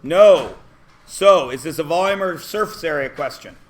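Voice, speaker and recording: A man's voice: fairly high pitch, normal speed, a little hiss or hum. Questioning male math teacher. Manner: questioning, answers his own questions. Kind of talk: classroom lesson.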